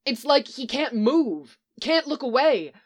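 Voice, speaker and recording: A woman's voice: high-pitched, lively intonation, measured pace, pitched above the performer's own voice. A woman reading the part of a determined, frustrated young woman who speaks insistently. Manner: urgent, insistent.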